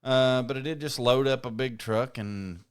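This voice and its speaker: A man's voice: medium pitch, moderate pace, clean tone. A man co-hosting a podcast, chatting casually in a rambling, profane way. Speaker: podcast co-host. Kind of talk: casual chat.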